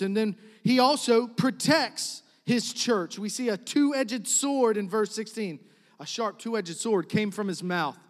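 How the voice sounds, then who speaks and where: A pastor preaches to his congregation in an extremely high-pitched voice, building to emphatic loud stretches and then dropping to soft, quiet ones. A long reverb tail trails his words.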